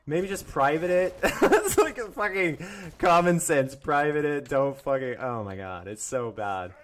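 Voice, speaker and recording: A man's voice: a little high, expressive, unhurried, a bit bright. A young man ranting on his own live stream, angry and profane, mocking others in put-on voices and laughing often.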